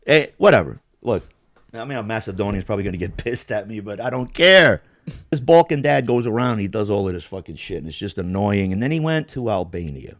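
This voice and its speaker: A blunt podcast host rambles through his opinions, swearing freely and shrugging things off. His voice moves around a lot in pitch. The sound is dry and close. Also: expressive, quick pace, no echo. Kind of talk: casual podcast chat.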